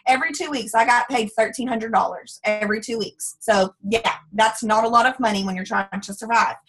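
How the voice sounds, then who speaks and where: A woman in her late twenties, a former teacher telling her story in a bubbly, chatty, animated way. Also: fairly high pitch, brisk, slightly rough, low-quality recording. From Texas. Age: 20s. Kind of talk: casual testimonial talk.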